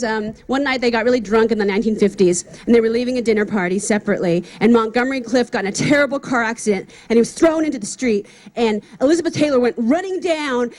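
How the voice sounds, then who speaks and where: High-voiced brash woman comedian. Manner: brash, profane, chatty storytelling. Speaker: stand-up comedian. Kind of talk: stand-up comedy set. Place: outdoor comedy event stage. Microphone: stage microphone.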